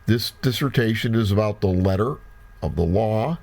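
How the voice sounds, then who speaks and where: A man giving a Bible study lecture, animated, with bursts of wonder and folksy asides. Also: lowish voice, moderate pace, vocal fry. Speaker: Bible teacher.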